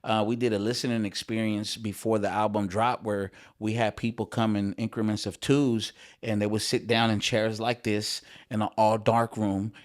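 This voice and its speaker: A rapper on a podcast chats casually and laid-back, with lots of fillers and a bit of swearing. His voice sits fairly low with little pitch movement, moving at a normal speed with few pauses.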